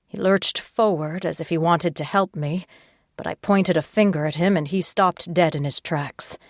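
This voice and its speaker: A woman's voice: lowish voice, normal speed, no echo, clean studio sound. A woman narrating a first-person audiobook with a terse, hard-boiled delivery.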